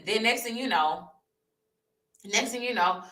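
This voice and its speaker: Emotional woman with a bright voice. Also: fairly high pitch, unhurried. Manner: earnest, heartfelt, rambling with restarts. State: emotional, near tears. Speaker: vlogger sharing her testimony. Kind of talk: emotional personal testimony. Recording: roomy sound, mic at a distance.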